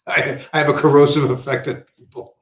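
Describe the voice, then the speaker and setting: A man's voice: a little high, flat delivery, moderate pace. Profane rambling man in an echoey room. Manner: profane, meandering storytelling with mimicked quotes. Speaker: livestream host. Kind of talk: rambling casual monologue.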